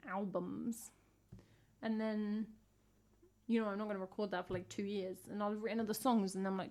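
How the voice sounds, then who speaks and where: A woman's voice: mid-range voice, fairly even intonation, a little fast, a little mellow. A young woman from England, a singer-songwriter chatting casually on a livestream, self-mocking and answering her chat.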